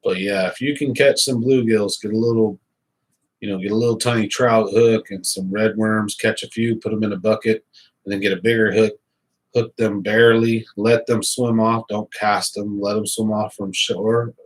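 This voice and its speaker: Rambling, low-voiced fisherman talking to viewers. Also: normal speed, rough recording. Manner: rambling, excitable, lots of fillers. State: hiccups. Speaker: fishing channel host. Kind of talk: casual chat to viewers.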